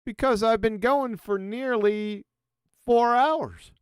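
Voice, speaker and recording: A man hosting a live stream in a slow, wry, amused way. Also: very high-pitched, clear, resonant tone, no room sound, studio quality. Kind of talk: casual chat.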